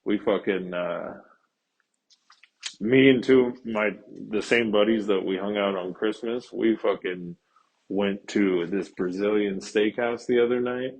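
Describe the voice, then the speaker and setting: A man's voice: lowish voice, measured pace. A young man, telling a rambling, profane story in a casual podcast monologue. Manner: rambling, profane, laid-back. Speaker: podcast host.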